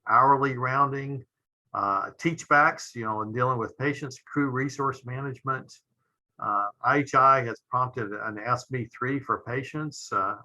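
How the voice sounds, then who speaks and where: Middle-aged male physician lecturer, very bright tone, halting delivery full of fillers. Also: medium pitch, dull audio. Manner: measured, frequent "uh" fillers, trailing off at phrase ends. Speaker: pediatric intensivist lecturer. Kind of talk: medical lecture.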